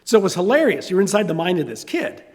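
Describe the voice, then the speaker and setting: Older southern guy preaching in an echoey hall, high voice that jumps all over. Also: quick pace. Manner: animated storytelling, acting out voices. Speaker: pastor. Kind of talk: sermon.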